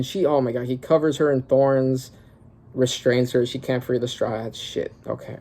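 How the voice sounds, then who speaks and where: A young man reacting casually to a comic while reading it aloud, excitable and slangy, thinking aloud with lots of fillers. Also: mid-range voice, normal speed. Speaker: manga reaction creator.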